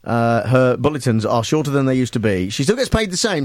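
A man's voice: medium pitch, lively intonation, fast, hardly any pauses, no room sound. A man hosting talk radio, teasing his co-host and firing off rhetorical questions.

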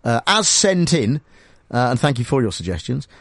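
Teasing radio host, lively pitch. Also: male voice, normal speed, no room sound, clean studio sound. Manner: rambling, teasing, lots of restarts. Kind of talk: casual studio banter. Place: radio studio.

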